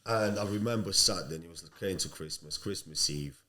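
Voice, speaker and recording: A man's voice: low voice, brisk, pushed and bright. A man in his thirties, a podcast guest, telling his life story in a blunt, streetwise way with plenty of swearing. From Sicily. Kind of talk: casual storytelling.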